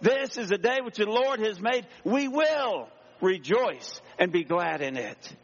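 Pastor, male, high-pitched, preaching with energy; dull recording in a reverberant church hall. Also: unhurried. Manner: energetic, exclaiming, calls for amens. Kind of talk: sermon. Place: church sanctuary. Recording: dull sound in a long-echo hall.

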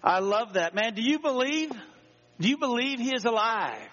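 A man preaching an energetic Easter sermon as pastor in a church, exclaiming and calling for amens. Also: extremely high pitch, moderate pace. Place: church sanctuary. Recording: dull sound in a long-echo hall.

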